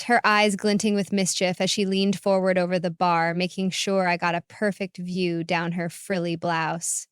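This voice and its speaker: A woman narrating a first-person story in a calm, reflective way. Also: fairly low pitch, measured pace, hardly any pauses, smooth, no room sound, studio quality.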